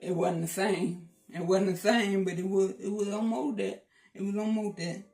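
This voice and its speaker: A man's voice: sits high, little pitch movement, normal speed, gravelly, a little mellow, far from the mic, faint music behind. Playful joking man in an echoey room. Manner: playful, repeats himself, teasing. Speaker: vlogger. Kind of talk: joking casual vlog.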